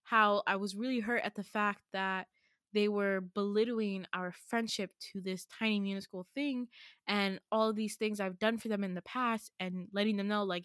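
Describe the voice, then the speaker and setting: A young woman tells a dream story on her podcast, her voice lively and quick to jump up when she acts out the lines. She swears freely and talks straight into a close mic. The sound is dry, with no room in it. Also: mid-range voice, clear, resonant tone, dry recording. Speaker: podcast host. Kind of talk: casual storytelling monologue.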